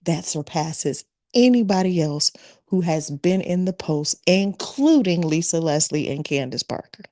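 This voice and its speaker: A woman's voice: fairly low pitch, expressive, unhurried, mellow, no room sound, clean studio sound. A woman in her forties arguing emphatically in a casual sports debate, stretching her words for effect. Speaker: debate panelist.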